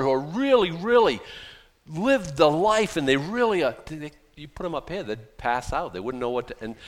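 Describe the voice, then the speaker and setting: A middle-aged man preaching a sermon in a casual, conversational way, with sarcastic asides and quick jumps in loudness. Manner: conversational, sarcastic asides, animated swings in pitch and volume. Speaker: pastor.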